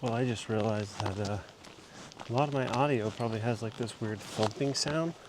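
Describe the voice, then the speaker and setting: Out on a lochside walking trail, a man on a long-distance hike chats for his walking vlog, easygoing and full of fillers, at a normal speed and a fairly low pitch. His small body-worn mic picks up loud outdoor noise plus thumps from gear bumping against it.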